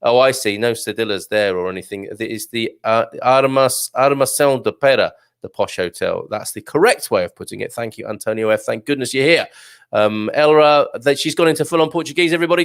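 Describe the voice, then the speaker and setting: A man's voice: lowish voice, fairly quick, clear, resonant tone. A man hosting a live morning show, reading out viewer comments in a chatty, jokey way, full of fillers and laughs. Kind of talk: casual live chat.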